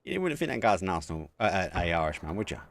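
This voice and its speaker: A man casting a live esports match as a community caster, chatty and excitable, talking to viewers between plays. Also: deep voice, quick pace, no echo. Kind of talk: live community game commentary.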